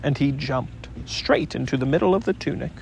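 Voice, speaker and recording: A man narrating a children's storybook audiobook in an expressive, gently paced reading. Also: medium pitch, moderate pace, vocal fry, slight background noise.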